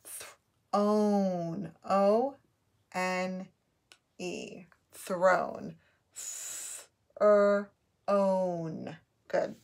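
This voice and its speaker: A woman's voice: mid-range voice, creaky, a little mellow. A woman teaching a phonics lesson, sounding out letters and words patiently for children to repeat.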